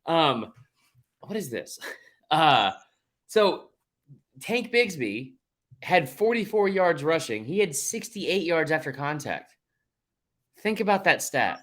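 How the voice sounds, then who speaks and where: A man's voice: fairly high pitch, big pitch swings, slow, long pauses, a bit bright. A man co-hosting a sports podcast in casual chat, heated and emphatic, rambling through fillers and restarts and swearing when he gets fired up. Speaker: podcast co-host.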